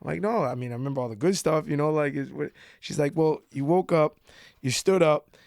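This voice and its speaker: A man with a Boston accent, a podcast guest telling a drinking story in a rambling, halting way full of fillers. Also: fairly high pitch, gravelly, a little mellow, no room sound, clean studio sound. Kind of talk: casual chat.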